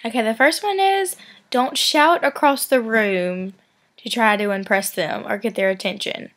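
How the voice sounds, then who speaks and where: Chatty teenage girl, slightly high voice. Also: a little slow, fairly bright tone. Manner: chatty, giggly, lots of filler. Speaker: vlogger. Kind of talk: casual advice chat.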